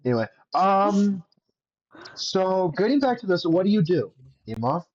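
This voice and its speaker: A man's voice: high-pitched, sing-song, a little slow, dull audio. A man running a tabletop game as game master, teasing his players and laughing easily.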